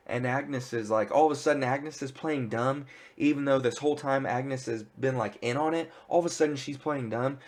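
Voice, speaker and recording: Excitable man rambling through a recap. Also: mid-range voice, moderate pace. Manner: excited rambling retelling, heavy filler words. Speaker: pop culture reviewer. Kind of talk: casual spoiler recap.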